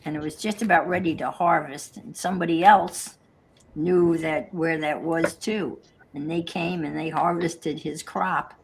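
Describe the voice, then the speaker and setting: A woman's voice: sits low, steady tone, measured pace, a little hiss or hum. A woman chatting casually on a craft livestream, wry and joking. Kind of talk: casual chat.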